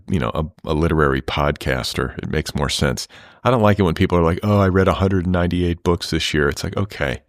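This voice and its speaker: A man's voice: a bass voice, dry recording, clean studio sound. A middle-aged man hosting a podcast, talking in a rambling, wry monologue with profane asides. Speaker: podcast host. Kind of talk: casual monologue.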